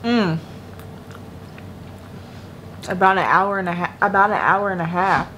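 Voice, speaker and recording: A woman's voice: lowish voice, steady tone, brisk, sharp tone. Chatty young woman vlogging from bed. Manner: chatty, slangy, addresses viewers as "y'all". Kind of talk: casual chat to camera. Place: at home in bed. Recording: noisy room ambience behind voice.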